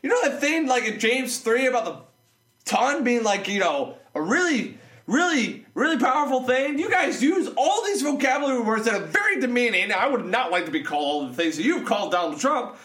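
A man's voice: very high voice, sing-song, fairly quick, a bit bright. A man ranting in a casual vlog, sarcastic and mocking, rambling with many restarts. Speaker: vlogger. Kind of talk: casual opinion rant. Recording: echoey room.

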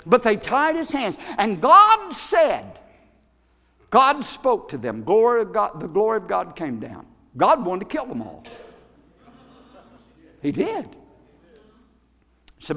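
A man preaching a sermon, telling the story dramatically and swinging from hushed tones to shouting. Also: on the high side, very animated, measured pace. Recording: echoey hall.

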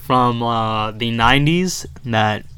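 A man's voice: mid-range voice, takes it slowly, sharp tone. A man from New York co-hosting a podcast, rambling casually with many "like"s and restarts. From Brooklyn, New York. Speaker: podcast co-host. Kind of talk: casual chat.

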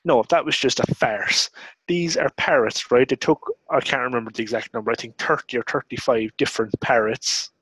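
A young man co-hosting a podcast in a calm, measured voice with a dry sense of humour. He sounds close and dry, with no room sound at all. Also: mid-range voice, husky, no echo, rough recording. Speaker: podcast co-host. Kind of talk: casual podcast chat.

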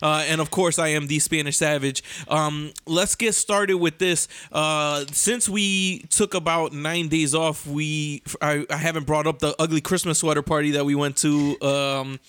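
A young man with a high, sharp voice hosts a casual podcast, recorded dry and close with no room sound. He tells loose, profane stories, rolling through slang and laughter. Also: steady tone, measured pace, few pauses, clean tone, dry recording. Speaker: podcast host.

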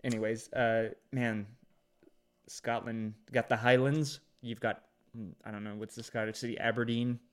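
A relaxed man in casual conversation who swears freely and laughs often. His delivery is unhurried and easygoing. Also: medium pitch, clear, resonant tone. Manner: laid-back, swears often, laughs a lot. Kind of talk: casual chat.

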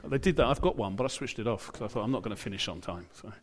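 A British man with a lowish voice preaches to his church. He keeps it chatty, drops in asides and acts out the lines he quotes. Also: animated, very fast, a little hiss or hum. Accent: British English. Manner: conversational, with asides and acted-out quotes. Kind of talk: sermon.

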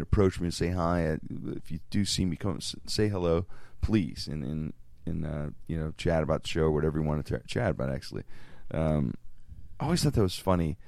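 A man's voice: low-pitched, vocal fry, darkish tone, no echo. A man, a radio host and comedian rambling through profane stories in casual studio banter and laughing as he goes.

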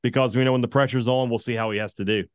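A man's voice: medium pitch, fairly even intonation, very fast, dry recording, clean studio sound. A man guesting on a sports podcast, telling stories in casual chat and laughing easily. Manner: chatty storyteller, laughs easily.

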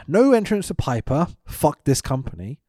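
A man's voice: fairly high pitch, very animated, unhurried, dark tone, dry recording, studio quality. A man co-hosting a podcast, recapping wrestling in sweary, sarcastic casual chat and laughing often. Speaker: podcast co-host.

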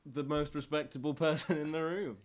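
A man's voice: on the high side, steady tone. Jokey man playing a tabletop game. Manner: jokey, giggly, quick comebacks. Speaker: player. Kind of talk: playful in-character banter.

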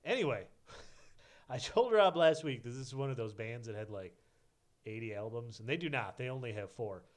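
A man's voice: mid-range voice, expressive, moderate pace. A man co-hosting a podcast in casual chat, laughing often and rambling as he corrects himself. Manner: giggly, rambling, self-correcting. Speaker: podcast co-host.

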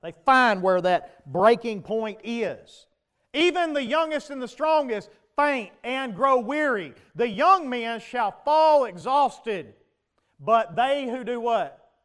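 High-voiced preacher asking the room questions. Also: male voice, animated, takes it slowly. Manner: preaching with rhetorical questions to the congregation, rising to shouts. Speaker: pastor. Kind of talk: sermon.

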